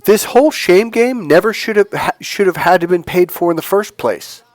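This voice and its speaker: A man who coaches on dating and healing, giving an animated, preachy motivational talk and retelling a story. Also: high voice, normal speed, dry recording. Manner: animated, acts out other people's lines in the story; preachy, emphatic. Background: faint music.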